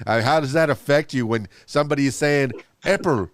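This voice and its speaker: A man's voice: medium pitch, fast, smooth, dry recording, studio quality. A man hosting a podcast, asking chatty, rambling questions in a casual interview. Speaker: podcast host.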